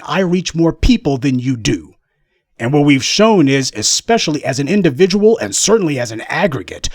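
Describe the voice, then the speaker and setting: A man's voice: on the high side, no room sound, studio quality. A man giving a sarcastic, combative commentary monologue as the host of his own channel. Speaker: political commentator.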